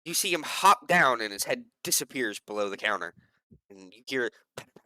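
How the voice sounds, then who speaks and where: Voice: mid-range voice, animated, brisk, sharp tone, dry recording. A game master narrating a tabletop role-play scene, rambling with lots of fillers and self-corrections.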